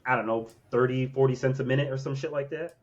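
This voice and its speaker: Brief: male podcast co-host, easygoing storyteller, mid-pitched voice, slightly dull lo-fi sound. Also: fairly even intonation, fast. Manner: laid-back storytelling, swears casually. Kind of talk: casual chat.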